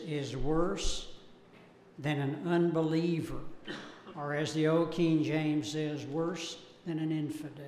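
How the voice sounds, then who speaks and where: Slow-spoken man teaching in an echoey hall. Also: fairly high pitch. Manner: slow, deliberate, cites verses. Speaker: Bible class teacher. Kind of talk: Bible class teaching. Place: church auditorium. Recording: echoey hall, faint room noise.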